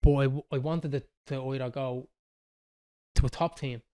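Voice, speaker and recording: A man in his thirties with a Dublin Irish accent, telling a football story in casual chat on a podcast, animated and swearing freely. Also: mid-range voice, normal speed, clean tone. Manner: animated, swearing, quoting others. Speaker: podcast host.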